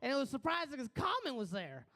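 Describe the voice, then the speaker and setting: A man's voice: very high-pitched, huge pitch swings, quick pace, sharp tone. Laid-back man telling a stand-up story. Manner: loose, boastful, laughs at own story. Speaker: stand-up comedian.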